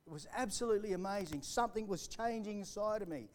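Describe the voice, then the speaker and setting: A man preaching live in a church hall. His voice sits a little high for a man, and he swings from fervent, rising emphasis to quiet, hushed storytelling. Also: fast talker. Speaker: pastor. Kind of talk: sermon.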